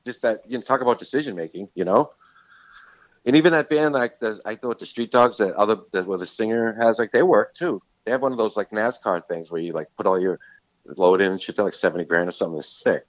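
A man hosting a casual chat who swears a lot and tells animated stories. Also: lowish voice, quick pace, dry recording, lo-fi sound. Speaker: podcast host.

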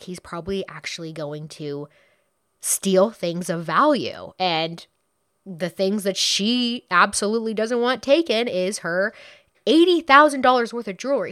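A woman's voice: medium pitch, fairly bright tone, no room sound, studio quality. A woman casually retelling a true crime case, chatty and blunt, swearing freely and acting out what people said.

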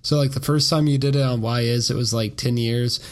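A man's voice: medium pitch, steady tone, brisk. A man co-hosting a casual film podcast, teasing his co-hosts in a dry way. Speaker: podcast co-host. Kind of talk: casual chat.

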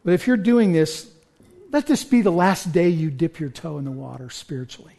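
A man's voice: on the high side, sing-song, normal speed, gravelly, warm tone. A man, a pastor, preaching an earnest sermon in a church, building to urgent appeals.

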